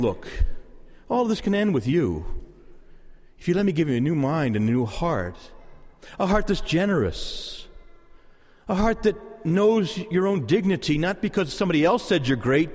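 A male pastor preaching a sermon in a church, lively and conversational, acting out quoted voices and chuckling now and then. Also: sits high. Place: church sanctuary. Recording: long hall reverb.

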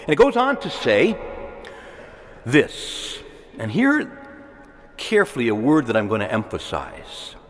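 A man's voice: mid-range voice, wildly swooping pitch, measured pace, long pauses, in a large hall. A man preaching a sermon, emphatic, repeating key words and asking the congregation for agreement.

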